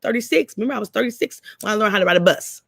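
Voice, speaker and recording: A woman's voice: mid-range voice, animated, racing, gravelly, fairly bright tone, no echo. A middle-aged woman chats candidly with a cohost, swearing freely and acting out old arguments. Her voice sounds dry and close. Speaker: co-host. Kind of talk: casual story chat.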